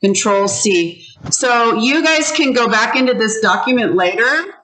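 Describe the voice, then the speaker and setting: A woman teacher giving an online pronunciation lesson over a video call, drawing out words slowly so her learners can repeat them. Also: a little high, expressive, a bit bright, a little hiss or hum, rough recording. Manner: slow, drawn-out modelling of words for learners to repeat.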